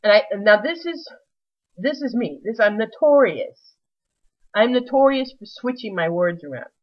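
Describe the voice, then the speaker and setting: A woman's voice: fairly high pitch, expressive, moderate pace, muffled recording. A woman telling a rambling, self-mocking comic story with many restarts.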